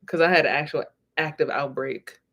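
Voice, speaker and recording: A woman's voice: sits low, fairly even intonation, moderate pace, fairly bright tone. A woman vlogger talking bluntly to camera, telling stories with plenty of profanity. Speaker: vlogger and spiritual reader. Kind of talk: casual talking-to-camera monologue.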